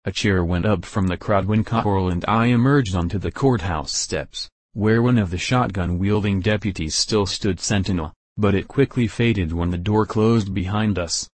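A man narrating a first-person audiobook in a measured, steady way. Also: deep voice, no room sound.

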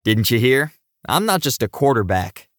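A man voicing a big, modest young male quarterback who talks in a relaxed, gently teasing way. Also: mid-range voice, normal speed, no echo, clean studio sound. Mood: easygoing.

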